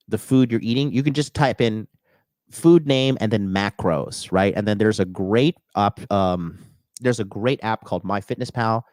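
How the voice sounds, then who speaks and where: A man coaching on dating and fitness in a blunt, profane podcast monologue, now and then mocking others in a high put-on voice. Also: a little mellow, dry recording, studio quality.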